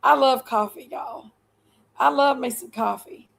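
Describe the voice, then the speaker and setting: A woman rambles through a casual livestream chat, folksy and warmly talkative. Her voice sits high, and a strong gravelly fry runs under almost every word. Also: measured pace, poor audio. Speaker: livestream host.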